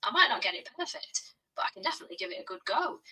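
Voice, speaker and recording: A woman's voice: mid-range voice, sing-song, very fast, bright, forceful tone, husky, far from the mic, rough recording. A synthetic female assistant voice with a Black Country accent, answering in a friendly, slangy way and calling people bro. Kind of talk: chatty AI assistant replies.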